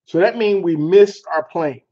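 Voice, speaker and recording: A man hosting a casual chat show, telling a story in an animated way with laughter and mild cursing. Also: high-pitched, unhurried. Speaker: show host. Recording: dull lo-fi sound.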